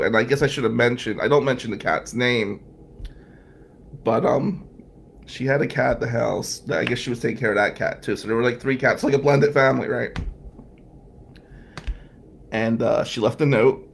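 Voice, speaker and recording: Gravelly-voiced man telling a rambling story. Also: medium pitch, moderate pace, pauses often, slight background noise. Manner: rambling, profane, laughs through the story. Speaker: vlogger. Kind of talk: casual storytime monologue.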